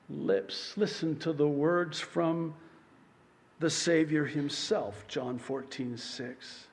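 A high-pitched man preaching slowly and deliberately, rising to yells and then dropping to hushed tones. His sermon rings out with a long reverb across a large church sanctuary. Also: vocal fry. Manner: emphatic, swinging between yelling and hushed. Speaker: pastor.

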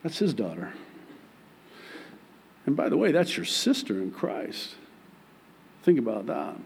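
Guy in his 40s preaching real slow, jokey and emphatic, voice jumps way up and down. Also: very animated, creaky, slightly rough. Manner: emphatic and joking, with big pitch swings. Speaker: pastor. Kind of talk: sermon.

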